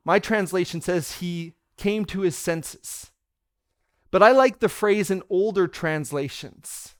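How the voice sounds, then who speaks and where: A man in his thirties giving a sermon as pastor, telling stories earnestly and dropping softer and slower for tender quoted words. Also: high-pitched, clean tone, no room sound, clean studio sound. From Canada. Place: church.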